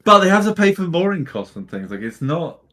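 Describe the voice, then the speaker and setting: A man co-hosting a casual gaming podcast, speaking softly and often trailing off. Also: high voice, very animated, a little fast. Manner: soft-spoken, trailing off, laughs often. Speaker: podcast co-host. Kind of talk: casual chat about game demos.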